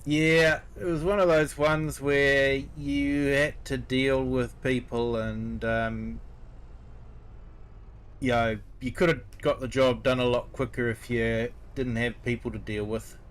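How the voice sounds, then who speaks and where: A middle-aged man with a New Zealand accent talks to his stream viewers in an easy, chatty way. He speaks at an unhurried, drawn-out pace. His pitch sits in an ordinary middle range. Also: slight background noise. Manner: relaxed, chatty, replies to viewers. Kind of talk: casual live-stream chat.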